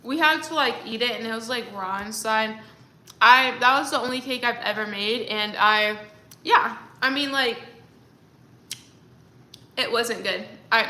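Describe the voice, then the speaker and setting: A young woman with a high, bright voice rambles through a casual livestream chat, full of fillers and restarts. She sounds like she is in an echoey room. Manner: rambling, chatty, many fillers. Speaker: livestreaming creator.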